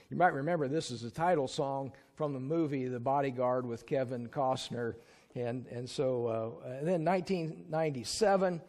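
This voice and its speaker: Chatty male preacher, slightly high voice. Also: a little mellow. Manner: conversational, chuckles and sings snatches to the congregation. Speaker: pastor. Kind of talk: sermon. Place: church sanctuary.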